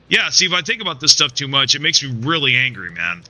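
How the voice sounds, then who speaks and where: A man's voice: mid-range voice, big pitch swings, fast talker, few pauses, bright, forceful tone, soft background music. Profane, rambling male game streamer. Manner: rambling, profane, frustrated, with frequent restarts and "man" and "dude". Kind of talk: casual live-stream chat while playing.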